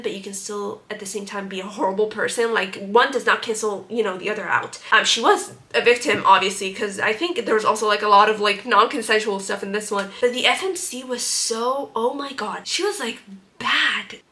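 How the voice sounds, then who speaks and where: Bright, animated young woman. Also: mid-range voice, fairly quick. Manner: animated, sarcastic, exasperated. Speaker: book reviewer. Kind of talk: casual ranting book review.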